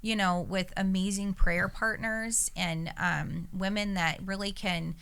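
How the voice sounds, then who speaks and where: A middle-aged woman in casual podcast chat, telling lively stories and acting out what people said. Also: measured pace, creaky, smooth. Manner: animated storyteller, acts out quotes in a high voice. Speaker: pastor on a church podcast.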